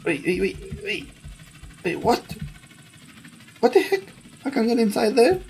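Excitable, gravelly gamer voice. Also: mid-range voice, a little slow, slight background noise. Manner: excitable, panicky, laughs often. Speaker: gaming channel host. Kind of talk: gameplay commentary.

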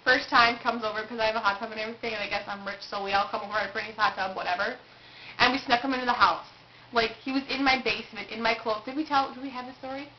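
Young woman chattering fast and blunt, kinda high, muffled home video w/ a lil hiss. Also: steady tone. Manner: chatty, blunt, interjecting, swears casually. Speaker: vlog co-host. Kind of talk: casual chat. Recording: dull home video recording with faint hiss.

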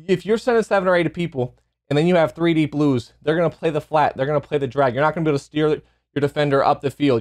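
High-voiced man reviewing a football game. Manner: fast, emphatic, repeats and restarts phrases. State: slightly out of breath. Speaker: gaming YouTuber. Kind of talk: casual gameplay review.

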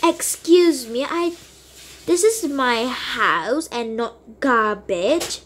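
A woman's voice: sits high, lively intonation, very slow, a bit bright, a little hiss or hum, full character voice. A woman voicing an indignant mother in a toy role-play game who firmly defends her house. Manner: offended, firm.

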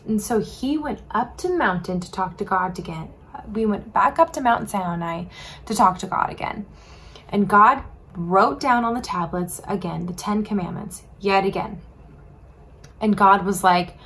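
A woman's voice: mid-range voice, measured pace, a little hiss or hum. A woman teaching a children's sermon, telling a Bible story casually and asking the kids questions. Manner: animated, asks children questions; casual, says "like" often.

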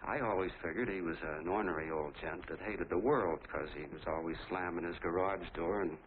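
An actor voicing a rambling folksy soda jerk, American accent, lowish voice, tinny old film sound, faint hiss. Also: male voice, a little fast, close to an everyday voice. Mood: chatty. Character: small-town soda jerk, eager talkative middle-aged man. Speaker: soda jerk telling his story.

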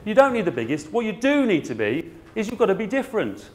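A man's voice: high voice, wildly swooping pitch, fast. A middle-aged man, a garden centre owner, giving a blunt, comic conference talk in an exhibition hall. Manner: blunt, comic, puts on voices.

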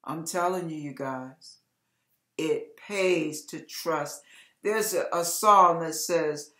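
In an echoey room, a hoarse woman with a low voice and a fairly bright tone preaches slowly for an online ministry. Her devotional message is encouraging, with emphatic exhortations she repeats.

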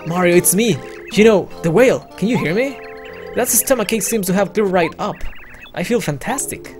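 A let's player voicing a big, gentle whale that speaks in a plaintive, begging way. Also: mid-range voice, lively intonation, moderate pace, faint music behind, pitched above the performer's own voice, close to an everyday voice. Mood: relieved.

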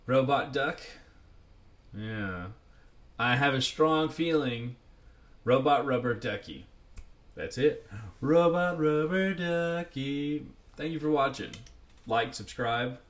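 A man's voice: mid-range voice, expressive, slow, pauses often, a bit bright. A man giving casual gameplay commentary, playful and jokey, often talking to himself. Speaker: let's play commentator.

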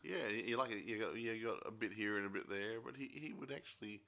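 A man's voice: on the low side, brisk, gravelly, sharp tone. A man co-hosting a film review podcast, cutting in with jokes, quips and questions. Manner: joking quips and interjections. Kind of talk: casual chat.

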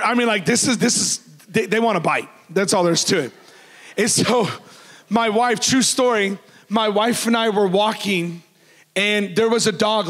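A man preaches in a loud, animated voice that sits high for a man. He jokes freely with his congregation. The voice rings with the long reverb of a church hall. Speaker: pastor. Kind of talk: sermon.

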